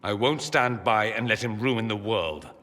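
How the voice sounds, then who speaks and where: A man's voice: on the low side, pushed and bright, big-room sound. An actor playing a witty, sardonic male mage in a video game, teasing and dramatic in tone. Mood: wry. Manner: quick-witted, teasing, dramatic swings in tone.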